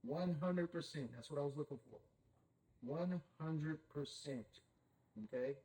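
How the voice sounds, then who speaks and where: A man's voice: on the high side, measured pace, mellow, poor audio. A man leading a Bible study, who keeps saying "okay?" and puts questions to his group. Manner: checks in with "okay?" constantly, asks the group questions.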